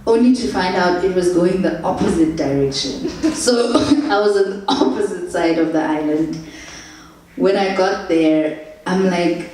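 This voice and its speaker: Brief: woman, young, animated storyteller, low mellow voice, distant echoey recording. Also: a little slow, a little hiss or hum. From South Africa. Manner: animated, laughs through anecdotes, acts out quotes. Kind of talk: casual travel storytelling. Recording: echoey room, distant mic.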